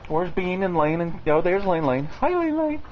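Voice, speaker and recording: A man talks to his dogs in a coaxing, baby-talk voice, his pitch swinging up and down. His voice sits slightly high for a man. The home recording sounds dull, with faint noise underneath. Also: very animated, normal speed. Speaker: dog owner filming his pets. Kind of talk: casual home vlog.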